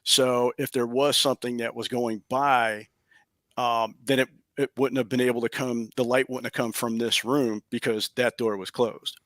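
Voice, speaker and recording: A man, a paranormal investigator, telling a story in animated, casual fashion from his home office over a video call, chuckling as he goes. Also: mid-range voice, moderate pace, no room sound.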